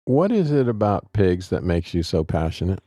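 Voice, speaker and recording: A man with a low, mellow voice asks interview questions, his pitch swinging widely as he teases his guest. The sound is dry and close. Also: sing-song, normal speed, dry recording. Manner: playful, teasing.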